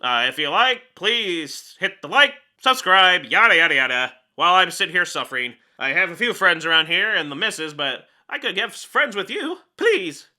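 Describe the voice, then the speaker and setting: A man's voice: sits high, sing-song, normal speed, few pauses, pushed and bright. A man hosting a comedic film review, grumbling sarcastically and joking in self-pity.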